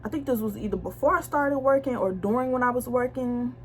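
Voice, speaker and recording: Young woman, fairly high voice, casual storytime vlogger, blunt, slangy, talks straight to viewers. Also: a little fast, slight background noise. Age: young adult. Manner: blunt, slangy and animated, addressing viewers directly.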